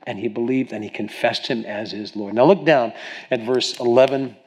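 A man's voice: mid-range voice, normal speed, husky. A middle-aged man from Ohio preaching a sermon, telling stories earnestly with frequent restarts and stammers. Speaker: pastor.

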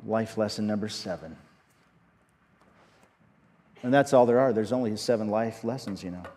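A man's voice: fairly low pitch, warm tone. Earnest preacher man, echoing hall. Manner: earnest, halting, many restarts. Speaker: pastor. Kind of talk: sermon.

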